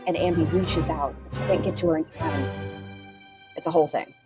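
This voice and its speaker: A middle-aged woman reacting to clips on a stream, sarcastic and full of animated asides. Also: low-pitched, normal speed, over music. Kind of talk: casual commentary on clips.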